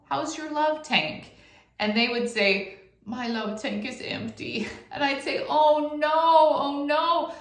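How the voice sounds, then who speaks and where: A middle-aged woman, hosting her own channel in a chatty, expressive way and acting out little quotes. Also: medium pitch. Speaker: YouTube host. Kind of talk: casual to-camera talk. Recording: echoey room.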